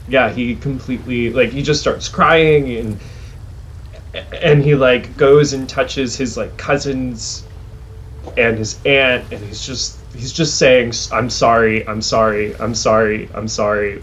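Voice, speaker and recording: A man's voice: medium pitch, a little hiss or hum. Rambling man playing a tabletop game. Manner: rambling, heavy use of "like". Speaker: player. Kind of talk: describing his character's actions in a tabletop game.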